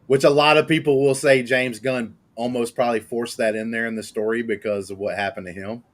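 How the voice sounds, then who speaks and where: A man with a Southern US accent, co-hosting a casual movie review podcast and arguing his points quickly and with energy. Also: medium pitch. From Southern United States. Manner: fast, animated, argumentative. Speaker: podcast co-host.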